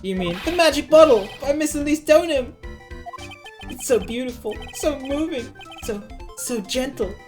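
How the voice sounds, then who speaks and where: A woman voicing an excitable, starry-eyed young man in a video game, gushing and stammering. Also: sits high, normal speed, soft background music, voice pushed up.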